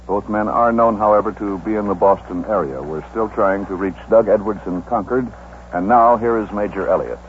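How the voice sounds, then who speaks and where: An actor playing a studio news anchor in a 1950s radio drama, with a measured, formal announcer delivery. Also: male voice, lowish voice, close to an everyday voice. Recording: tinny old radio broadcast, faint hiss.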